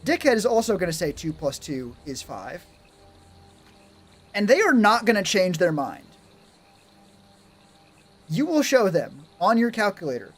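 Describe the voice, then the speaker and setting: A man's voice: high voice, sing-song, a little slow, pauses often. A man streaming live, talking casually in a rambling, sarcastic way and swearing a lot.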